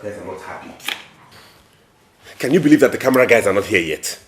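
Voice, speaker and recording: An actor playing a frustrated Nigerian groom who complains in exasperation. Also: male voice, fairly low pitch, animated, fairly quick, natural voice. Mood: exasperated. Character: frustrated groom on his wedding day. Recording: echoey room.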